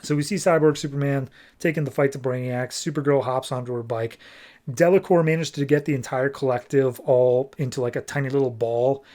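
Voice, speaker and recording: A man's voice: medium pitch, steady tone, brisk, a little mellow. A man hosting a podcast, recapping a comic book story in a casual, jokey way with plenty of fillers. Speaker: podcast host.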